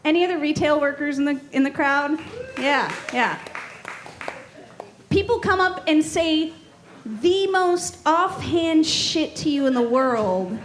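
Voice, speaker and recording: A woman's voice: high-pitched, animated, slow, a little hiss or hum. A woman doing a sardonic, profane stand-up set, teasing the crowd. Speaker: stand-up comedian. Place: comedy club stage.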